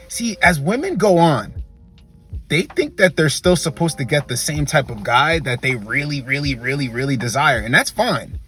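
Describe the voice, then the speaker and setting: Man, emphatic dating commentary monologue, lecturing, repeats himself, slightly high pitch. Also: expressive, moderate pace, bright, forceful tone, soft background music. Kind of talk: opinionated monologue.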